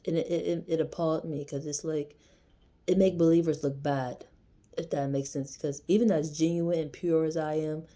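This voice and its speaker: A young woman vlogger, voice low, warm and steady in tone, talks at a normal speed. She rambles casually through a personal story, slangy and conversational, saying "yo" a lot.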